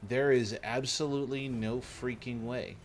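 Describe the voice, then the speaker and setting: A man commentating casually while live-streaming a game, playful and rambling, with sudden excited yelps. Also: medium pitch, normal speed, a little hiss or hum.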